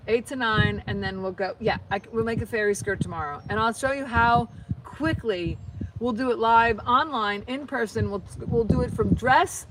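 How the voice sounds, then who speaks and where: A woman's voice: on the high side, moderate pace. Woman, American, middle-aged, rambling, casual crafting chat, faint background noise. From United States. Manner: rambling, chatty, many restarts. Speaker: vlogger.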